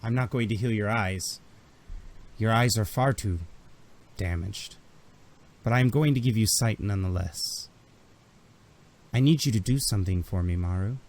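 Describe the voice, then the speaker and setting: A man voicing a calm, commanding older male Imperial officer in a tabletop game, quiet and measured. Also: fairly low pitch, natural voice.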